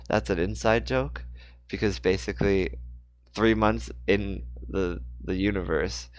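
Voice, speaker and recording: A man's voice: lowish voice, fairly even intonation, measured pace, no echo. A man reading his own book aloud in a casual way, breaking off for rambling, jokey asides.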